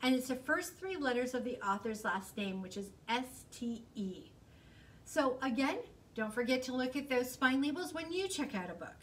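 A woman librarian reading a picture book aloud to children in an expressive, sing-song storytelling voice. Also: sits high, moderate pace, far from the mic, slight background noise. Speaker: school librarian.

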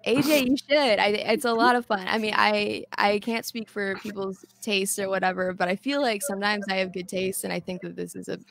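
A woman's voice: mid-range voice, fairly even intonation, a little fast, gravelly, few pauses, a bit bright, no echo. A woman guesting on a show over a video call, chatting casually with lots of fillers and restarts. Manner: hesitant, many fillers and restarts, laughs while talking. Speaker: podcast guest. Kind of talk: casual chat.

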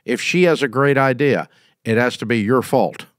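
A man's voice: medium pitch, normal speed, dry recording, clean studio sound. A middle-aged man, hosting and giving business advice in a casual, folksy, emphatic way. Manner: folksy, emphatic, acts out quoted scenes.

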